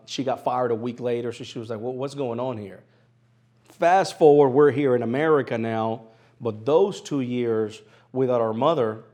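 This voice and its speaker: A man in his thirties from Venezuela, speaking English with a Spanish accent and a slight Southern twang, telling stories in an animated way as an interview guest. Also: medium pitch. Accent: Venezuelan Spanish with an East Tennessee twang. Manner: animated storyteller, laughs easily, repeats phrases for emphasis. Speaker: interview guest, sports broadcaster. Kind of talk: conversational storytelling interview.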